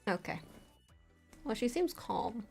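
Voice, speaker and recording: A woman's voice: mid-range voice, sing-song, gravelly, husky. Woman streamer in her room, chatty n swears a lot, faint music behind. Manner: chatty, swears, quick asides. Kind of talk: casual live-stream chat, reading a visual novel aloud. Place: home bedroom.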